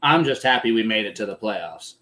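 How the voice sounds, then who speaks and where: A man co-hosting a sports podcast, chatting casually and excitedly about the game and swearing freely. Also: fairly low pitch, fairly quick, crowd noise. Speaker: podcast co-host. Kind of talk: casual sports chat over a live game.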